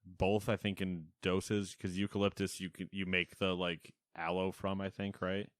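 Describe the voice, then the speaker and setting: A man's voice: sits low, flat delivery, normal speed, no echo. A man co-hosting a casual gaming podcast, joking and laughing as he runs through a list of news. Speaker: podcast co-host. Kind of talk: casual chat.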